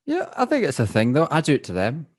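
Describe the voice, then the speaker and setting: A young Scottish man co-hosting a podcast in casual chat, animated and playful, slipping into voices when he quotes people. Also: fairly high pitch, fast talker, no echo, studio quality. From Perth, Scotland. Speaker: podcast co-host.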